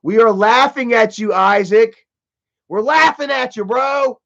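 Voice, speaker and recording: A man's voice: sits high, animated, unhurried, fairly bright tone. A man hosting a livestream, talking in a casual, profane and mocking way and saying "you know" a lot. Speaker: livestream host. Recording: dull lo-fi stream audio.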